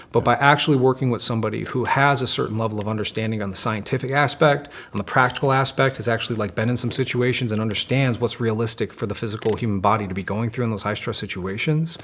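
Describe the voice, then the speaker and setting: A man in his thirties, a former special operations Marine and firearms instructor, talking casually and animatedly as a podcast guest, swearing freely and saying "dude" often. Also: mid-range voice. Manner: animated, profane, fast storytelling with frequent "dude" and "man". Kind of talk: casual conversational interview.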